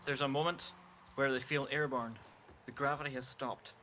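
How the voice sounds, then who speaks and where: A man casually narrating an improvised story on a stream, wry and deadpan. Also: mid-range voice, moderate pace, a little hiss or hum.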